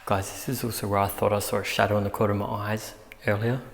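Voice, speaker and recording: Male ghost-hunter, lowish gravel-edged voice, talks to camera and calls out to spirits, echoing prison halls. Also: level tone, fast, noisy background. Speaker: paranormal investigator. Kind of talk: ghost-hunting vlog, talking to camera. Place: indoors in an old prison. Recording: echoey hall with long reverb.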